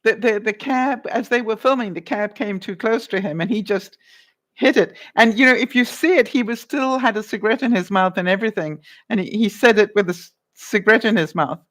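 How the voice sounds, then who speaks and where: A woman's voice: mid-range voice, fairly quick. A woman vlogger chatting casually on a live stream, giggling often as she reads out viewer comments. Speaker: vlogger running a movie quiz.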